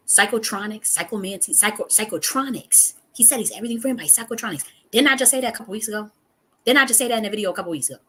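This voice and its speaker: A woman's voice: medium pitch, sharp tone, slightly rough. A woman, giving a heated, profane monologue full of repetition and sudden outbursts. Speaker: spiritual teacher and channel host. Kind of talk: impassioned monologue.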